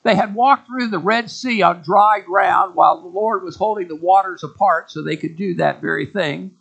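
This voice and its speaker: Casting: male pastor, high-pitched gravelly voice, folksy emphatic sermon delivery. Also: a bit bright, rough recording. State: out of breath.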